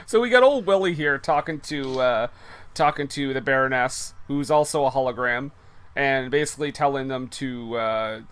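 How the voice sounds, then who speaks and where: A man co-hosting a podcast, recapping a movie in animated, casual chat and laughing a lot. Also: medium pitch, moderate pace, clean tone. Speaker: podcast co-host.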